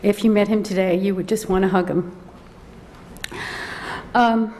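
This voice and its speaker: A middle-aged woman, a mother and advocate, giving public comment at a county board meeting, emotional and close to tears, halting and repeating words. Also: mid-range voice, a little mellow. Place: large council chamber. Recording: long hall reverb, faint noise.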